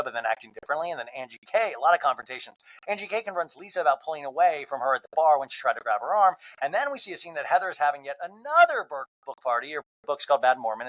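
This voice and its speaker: Animated, profane man recapping reality TV. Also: on the high side, poor audio. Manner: animated, profane, gossipy storytelling. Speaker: podcast host.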